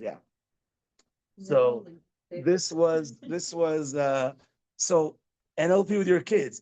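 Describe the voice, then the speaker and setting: On a rough recording, a middle-aged rabbi with a mid-range, somewhat dark voice leads a parenting class in a loose, rambling style. Educated in Israel and speaking Hebrew, he keeps repeating himself and breaking off partway through sentences.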